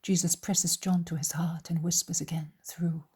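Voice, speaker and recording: A woman narrating an audiobook in a soft, hushed, mostly whispered voice. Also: lowish voice, level tone, moderate pace, few pauses, breathy edge. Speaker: audiobook reader.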